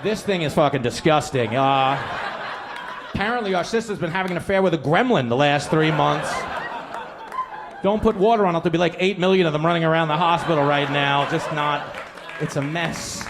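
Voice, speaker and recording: Fast, high-voiced man doing stand-up. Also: a crowd in the background, noisy background. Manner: rapid, dark jokes with mock phone calls. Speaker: stand-up comedian. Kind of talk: stand-up routine.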